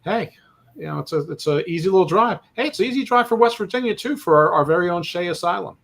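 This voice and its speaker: A man's voice: high voice, animated, quick pace, vocal fry, a bit bright. A man co-hosting a sports podcast in casual chat, rambling through his points with self-deprecating jokes. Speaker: podcast co-host.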